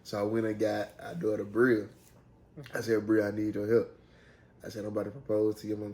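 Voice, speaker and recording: A man casually telling a story, laid-back, quoting himself softly. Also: fairly low pitch, completely flat delivery, brisk. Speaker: vlogger, groom-to-be.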